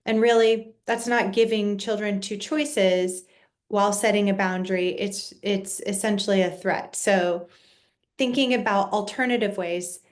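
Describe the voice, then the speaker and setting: A woman counselor calmly explaining parenting boundaries in an educational video, measured and patient, with the occasional restart. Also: medium pitch. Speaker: child and family counselor.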